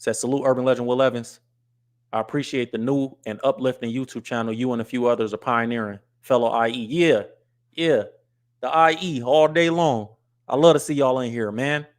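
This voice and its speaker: A man's voice: mid-range voice, brisk. Blunt West Coast man hosting a stream. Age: adult with wife and kids. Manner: blunt and scolding to chat, reads comments aloud. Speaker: livestream host. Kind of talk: casual live-stream commentary.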